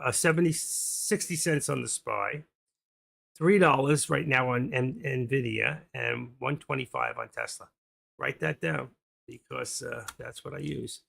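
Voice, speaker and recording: A man's voice: mid-range voice, gravelly, fairly bright tone, husky. A man hosting a trading live stream, rambling casually and muttering his thoughts aloud as he goes.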